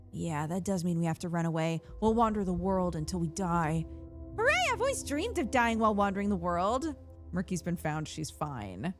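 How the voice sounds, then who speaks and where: A woman streaming a video game, reading the dialogue aloud and reacting in an expressive, exasperated way. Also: mid-range voice. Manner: animated and expressive, swings to loud exasperation. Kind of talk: live gameplay commentary, reading dialogue aloud.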